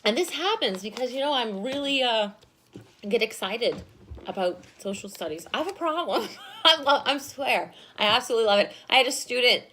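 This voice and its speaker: A woman history teacher, lecturing her class in an excitable, animated way with frequent laughs. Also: a little high, a little hiss or hum. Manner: excitable, fast and loud when enthused, laughs often.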